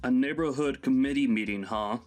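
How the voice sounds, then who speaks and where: A man's voice: mid-range voice, a little fast, darkish tone, faint music behind, close to an everyday voice. A man voicing a grown son who scolds his overbearing mother in an exasperated way. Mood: scolding.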